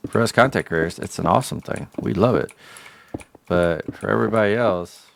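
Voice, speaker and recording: A man's voice: fairly low pitch, brisk, creaky, slight background noise. A man livestreaming a game, chatting casually in a slangy, joking rant. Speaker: gaming livestreamer. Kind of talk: casual chat while gaming.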